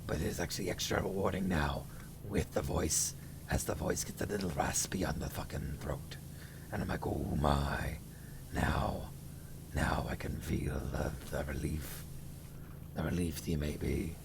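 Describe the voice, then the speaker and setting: A male streamer voicing a boastful, grumpy demon lord with a deep gravelly growl, narrating theatrically with crude asides. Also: steady tone, unhurried, background noise, full character voice. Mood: grandiose. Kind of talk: live-stream character voice.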